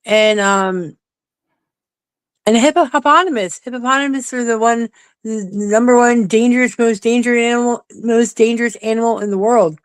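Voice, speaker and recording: A woman's voice: a little high, normal speed, clear, resonant tone, no room sound. A woman guest in a casual chat, telling anecdotes and often repeating her words. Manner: chatty, repeats herself while telling anecdotes.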